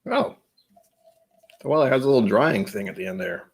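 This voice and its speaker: A man's voice: mid-range voice, animated, moderate pace, vocal fry, husky. A man hosting a casual livestream, rambling and chatty with frequent laughs, his voice a bit tired. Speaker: livestream host.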